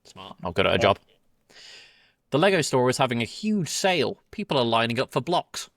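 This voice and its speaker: British male co-host, easygoing one-liner delivery, dry close-miked sound, mid pitch. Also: very animated, brisk, a bit bright, no echo. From Britain. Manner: laid-back, chuckling one-liner delivery. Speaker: podcast co-host. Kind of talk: casual comedic chat.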